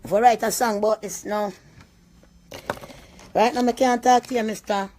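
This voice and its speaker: A woman's voice: on the high side, steady tone, moderate pace, slight background noise. Fired-up Jamaican woman ranting live. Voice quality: heavy patois, frequent cursing. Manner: rambling, loud bursts with laughter. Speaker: vlogger. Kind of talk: emotional live-stream rant.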